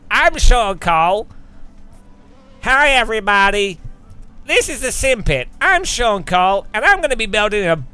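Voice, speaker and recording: A man's voice: sits high, big pitch swings, a little slow, bright, forceful tone, clear, resonant tone. A man streaming a racing sim, chatting casually and ranting with frequent laughter. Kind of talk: casual live-stream chat.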